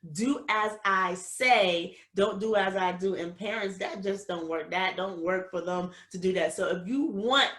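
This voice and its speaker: A woman's voice: lowish voice, fairly bright tone. Emphatic woman podcaster in a roomy space. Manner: emphatic, preachy, talks straight to parents. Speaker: podcast host. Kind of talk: casual advice podcast. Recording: roomy echo.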